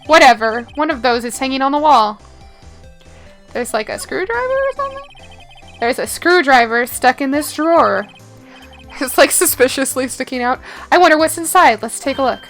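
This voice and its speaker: Woman streamer reading dialogue, high and bright, chatty, faint music behind. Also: animated, moderate pace. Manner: chatty asides with laughs. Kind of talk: reading a game aloud on a live stream.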